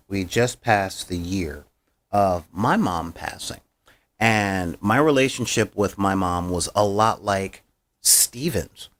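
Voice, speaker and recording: A man hosting a podcast, recapping an episode in casual, slangy and heartfelt chat. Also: lowish voice. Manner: slangy, heartfelt, with frequent fillers. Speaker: podcast host.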